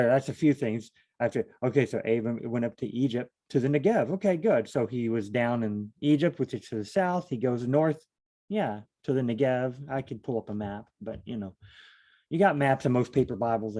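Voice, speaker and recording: A man's voice: mid-range voice, normal speed, mellow. A man leading a casual solo Bible study, thinking aloud in a rambling, self-deprecating way.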